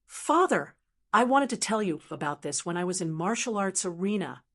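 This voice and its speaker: A woman's voice: lowish voice, lively intonation, normal speed, a bit bright. A woman reading the part of an injured young man pleading weakly with his father in a storybook audiobook.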